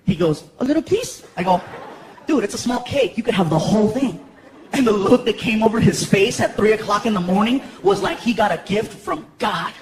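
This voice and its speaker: A man doing stand-up comedy on a theater stage, animated and shouting bits in put-on voices. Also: high voice, fairly quick. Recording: echoey hall, loud crowd laughter. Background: roaring audience laughter.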